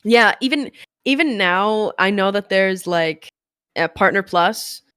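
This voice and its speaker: A woman's voice: mid-range voice, animated, a little slow, fairly bright tone, clean tone, dry recording, clean studio sound. A woman streamer chatting candidly as an interview guest, rambling a little and laughing often. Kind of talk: casual interview chat.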